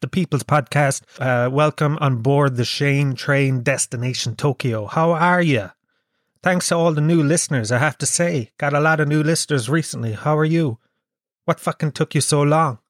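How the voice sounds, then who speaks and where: A man's voice: fairly high pitch, normal speed, dry recording, clean studio sound. A young Irish man from Kerry hosting his podcast while sick with a cold, rambling and swearing in a self-mocking way. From Ireland. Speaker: podcast host. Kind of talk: casual comedic monologue.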